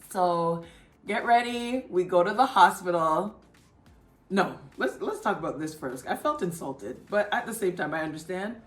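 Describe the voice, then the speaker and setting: A woman vlogger casually telling her own story in a chatty, animated way. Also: normal speed. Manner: chatty, animated, acts out others' lines in a high excited voice. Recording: echoey room with faint music.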